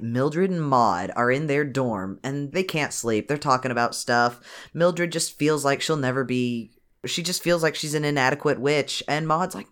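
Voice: medium pitch, moderate pace, a bit bright. A podcast co-host recapping a movie in casual, joking chat, swearing freely and acting out characters' lines.

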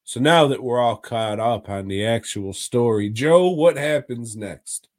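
A man's voice: medium pitch, animated, unhurried, no echo, clean studio sound. A man co-hosting a casual podcast, making sardonic, profane remarks. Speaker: podcast co-host.

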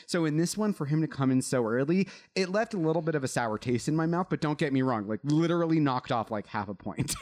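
A man in a casual podcast chat, talking in a relaxed, thoughtful way with plenty of fillers. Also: fairly high pitch, fast talker, hardly any pauses.

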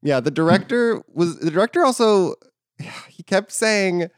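A man's voice: sits high, expressive, unhurried, clear, resonant tone, dry recording, clean studio sound. A man chatting on a podcast about a movie, rambling and laughing often. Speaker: podcast host. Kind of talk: casual podcast chat about a film.

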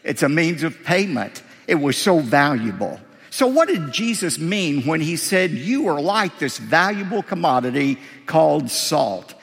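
A man's voice: fairly high pitch, sing-song, unhurried, vocal fry, hardly any pauses, fairly bright tone. A man preaching a sermon as pastor from a podium in a church sanctuary, driving points home with emphatic rhetorical questions. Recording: long hall reverb.

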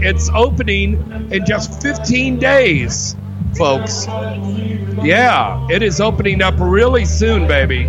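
A man hosting a live show from a club, loud with hyped announcer patter. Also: high voice. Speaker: host. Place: club venue.

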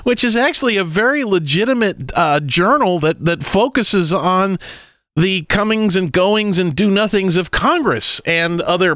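A man's voice: sits high, lively intonation, a little slow, a bit bright, no room sound, studio quality, soft background music. A man co-hosting a comedy talk show, chatting loosely with chuckles and restarts. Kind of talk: casual comedic banter.

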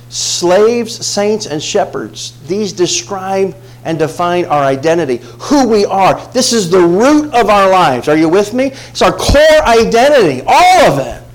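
A male pastor preaching a sermon, telling a personal story with dramatic swings from hushed tones to shouts. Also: sits high, low-quality recording.

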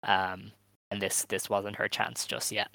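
A man's voice: lowish voice, completely flat delivery, measured pace, vocal fry, bright, forceful tone, dry recording. A man co-hosting a wrestling podcast, chatting casually and giving opinionated run-downs of results. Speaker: podcast co-host. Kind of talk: casual chat.

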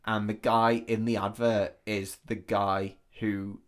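A man co-hosting a podcast, casually retelling a film's plot in a rambling, sweary way, quickly acting out the characters' lines. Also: lowish voice, flat delivery. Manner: rambling, sweary storytelling with quick acted-out quotes. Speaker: podcast co-host.

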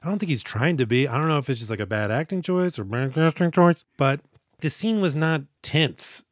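A man's voice: fairly high pitch, expressive, a little fast, dry recording, studio quality. A man co-hosting a movie podcast, chatting casually and rambling, breaking off mid-thought and quoting characters. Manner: rambling, self-interrupting, quotes characters in mock voices. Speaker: podcast co-host.

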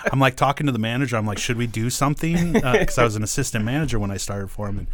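A man chatting as a podcast guest, an animated storyteller who slips into the voices of the people he quotes. His pitch sits mid-range for a man, and he tells it with a lively, conversational swing. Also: rapid-fire. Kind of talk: casual chat.

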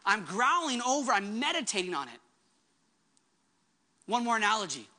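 A woman's voice: on the high side, big pitch swings, moderate pace, bright, forceful tone. A woman pastor delivering a sermon with emphatic preaching, acting out the words she quotes.

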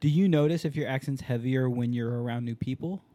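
40s dude, swears a ton, warm dark tone, just shooting the breeze. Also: male voice, mid-range voice, fairly quick. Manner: profane, blunt storyteller. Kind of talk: casual chat.

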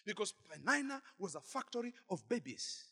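A male pastor preaching a sermon in church, swinging from shouted exhortation to quiet asides. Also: high-pitched, sing-song, brisk, husky, in a large hall. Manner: dramatic, swings between shouting and murmuring asides.

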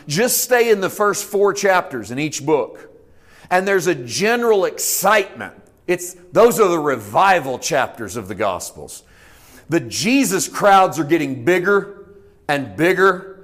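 A man preaching to a congregation in an easygoing, conversational way. His voice sits a little high, and he swings from loud, excited peaks down to low, hushed asides. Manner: animated, conversational preaching with sweeping pitch and volume swings. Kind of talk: sermon.

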